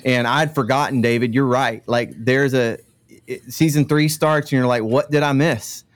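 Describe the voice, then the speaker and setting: A man's voice: mid-range voice, fairly even intonation, moderate pace, clean tone. A middle-aged man hosting a casual podcast chat, talkative and self-deprecating, with frequent fillers. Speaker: podcast host.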